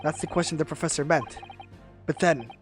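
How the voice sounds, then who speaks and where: A woman streaming a game live, excitable and panicky, stammering and repeating herself as she reacts. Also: low-pitched, brisk, over music.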